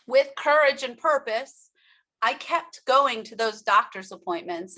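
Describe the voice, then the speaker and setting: A woman's voice: sits high, pushed and bright. A woman speaker giving a motivational workshop talk about her own story, emphatic and speaking straight to the audience. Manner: emphatic, addresses audience directly.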